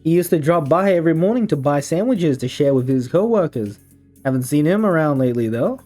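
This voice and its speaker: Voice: mid-range voice, animated, a little fast, mellow, soft background music, pitched above the performer's own voice, natural voice. A streamer voicing an offhand woman baker with a put-on Scottish or Irish lilt. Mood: breezy. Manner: offhand and casual. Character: smiling middle-aged woman baker, offhand.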